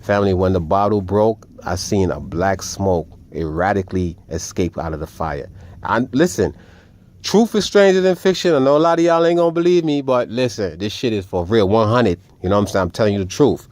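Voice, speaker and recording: A man telling a personal story in a casual, animated and profane way, often calling his listeners "family". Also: lowish voice, fairly quick. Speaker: vlogger.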